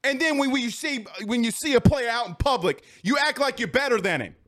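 A man's voice: very high-pitched, animated, a little fast, fairly bright tone. A man, ranting about sports straight at his audience in a heated, repetitive way. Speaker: sports talk host. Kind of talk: casual ranting commentary.

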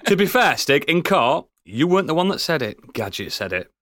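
A man's voice: on the high side, sing-song, brisk, fairly bright tone, no room sound, studio quality. A man hosting a podcast, introducing his co-hosts with teasing jokes in casual banter. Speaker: podcast host.

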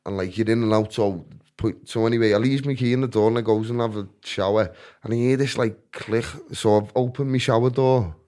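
A man's voice: lowish voice, fairly even intonation, fairly quick, warm tone. A man telling rambling, self-mocking stories in a casual podcast chat, often restarting his sentences.

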